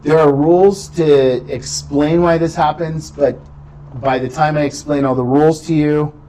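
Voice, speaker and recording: A man's voice: fairly high pitch, steady tone, normal speed, dark tone, a little hiss or hum, rough recording. A man teaching a beginning Greek class, explaining patiently and checking in with "right?" often. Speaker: Greek instructor. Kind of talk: classroom lecture.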